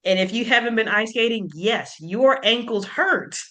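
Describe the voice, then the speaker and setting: A woman hosting a casual book club chat, talkative and animated, laughing often as she retells scenes. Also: fairly high pitch, normal speed. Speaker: book club podcast host.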